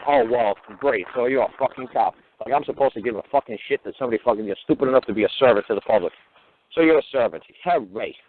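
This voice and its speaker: Fast-talking blunt man on a tinny line. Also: medium pitch. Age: older. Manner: blunt, swearing heavily, acting out both sides of arguments. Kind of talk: profane storytelling monologue. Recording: tinny phone-line audio.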